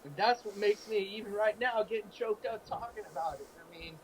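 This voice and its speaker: A man's voice: sits high, a little fast, a little hiss or hum, rough recording. A man telling sports stories in an earnest, emotional way during a casual talk show. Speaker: co-host.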